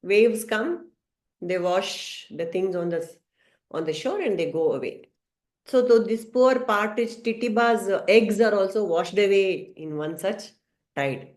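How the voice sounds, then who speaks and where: A woman teaching a scripture study class, telling a story gently with some hesitant fillers. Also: medium pitch, expressive, measured pace. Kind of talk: storytelling lesson. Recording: roomy echo.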